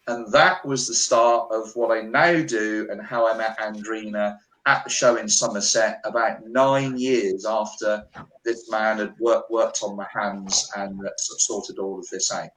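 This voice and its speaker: A British man, a healer, telling a personal story on a remote call and acting out the dialogue. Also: lowish voice. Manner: animated, acts out quoted dialogue. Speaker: guest healer. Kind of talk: storytelling interview. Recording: echoey room on a call.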